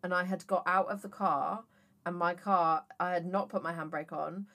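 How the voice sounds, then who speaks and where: A woman's voice: on the low side, steady tone, moderate pace, fairly bright tone. A woman in her thirties, co-hosting a podcast and telling rambling anecdotes in casual chat, swearing freely. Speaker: podcast co-host.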